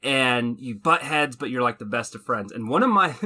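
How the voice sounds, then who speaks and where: A man co-hosting a podcast, telling a drinking story with animated, laughing, profane delivery. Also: medium pitch, moderate pace. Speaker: podcast co-host, army veteran. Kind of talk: casual storytelling chat.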